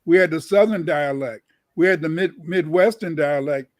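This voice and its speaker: High-voiced man lecturing in a dry voice. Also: normal speed, dry recording. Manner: lecturing, repeats words as he restarts. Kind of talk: casual livestream discussion.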